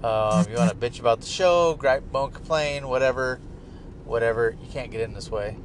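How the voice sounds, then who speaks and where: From a moving car with traffic audible behind him, a middle-aged man hosts his podcast in a loose, profane, jokey ramble. His voice is mid-range and his pace is normal.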